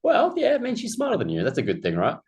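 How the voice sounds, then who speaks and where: A man's voice: high voice, wildly swooping pitch, fast, a little mellow. A man, a podcast co-host asking playful, teasing questions. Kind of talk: casual interviewing.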